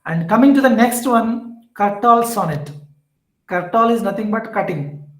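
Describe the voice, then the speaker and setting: A man with an Indian English accent teaching a poetry lesson, explaining slowly and repeating points with many fillers. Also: high voice, lively intonation, roomy sound, poor audio. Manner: slow, repetitive explaining with fillers. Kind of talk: classroom lecture on poetry.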